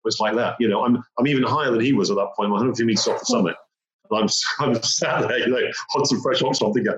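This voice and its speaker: Fast-talking man telling a story. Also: lowish voice. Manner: vivid storyteller, repeats phrases, acts out moments. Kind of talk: personal storytelling. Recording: roomy, dull lo-fi sound.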